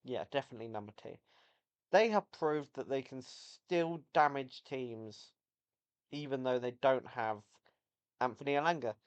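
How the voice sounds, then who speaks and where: A man's voice: mid-range voice, a little slow, clear, resonant tone. A man giving a casual, rambling football match review, often correcting himself as he goes. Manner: rambling, self-correcting, enthusiastic. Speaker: football vlogger.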